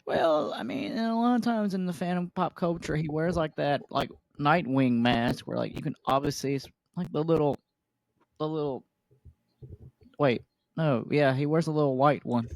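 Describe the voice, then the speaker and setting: Dry, higher-voiced man chatting casually. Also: normal speed, dry recording. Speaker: podcast co-host. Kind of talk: casual movie review chat.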